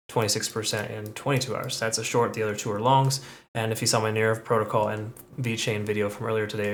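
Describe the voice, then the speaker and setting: A man's voice: medium pitch, slight background noise. A man hosting his own trading channel, walking through price charts in a chatty way with frequent fillers and "okay?" check-ins. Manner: brisk, chatty, lots of okays and fillers. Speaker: crypto trading channel host. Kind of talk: screen-share market analysis.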